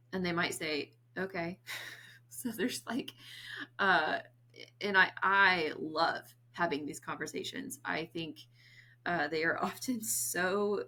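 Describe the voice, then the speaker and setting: A woman's voice: on the low side, pushed and bright, slight background noise. A woman in her thirties, a behavior analyst, explaining autism in a chatty, casual way, laughing often and acting out little dialogues.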